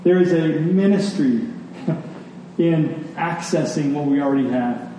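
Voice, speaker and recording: Male pastor, emphatic sermon, mellow dark voice, big echoey hall, mic set back. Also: on the high side, slow pace, far from the mic, a little hiss or hum. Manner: emphatic, rhythmic preaching with stressed words.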